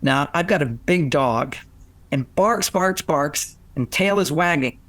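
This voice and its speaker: An older man giving relationship advice in a lively storytelling way, acting out what people said and laughing often. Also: fairly high pitch, slow pace, dry recording. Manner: animated, acts out quoted voices, laughs often. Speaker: relationship author and guest.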